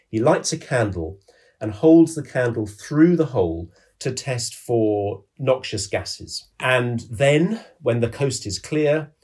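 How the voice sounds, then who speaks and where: A man with a husky voice, speaking as a historian guest on a podcast. He retells events vividly and with a sense of drama, restarting his phrases often. His voice sits fairly low. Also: darkish tone. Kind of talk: storytelling explanation in a podcast interview.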